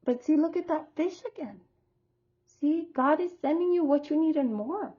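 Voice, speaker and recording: A woman's voice: sits high, moderate pace, lo-fi sound. A woman giving a casual tarot reading to her viewers, talking in a chatty, rambling way and telling stories expressively. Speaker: tarot reader.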